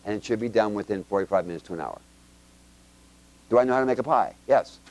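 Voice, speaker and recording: Man quizzing a congregation. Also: on the low side. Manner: quizzes the audience with quick questions; chatty and joking, with homespun examples. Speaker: Bible teacher. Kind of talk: informal Bible teaching to a congregation with children.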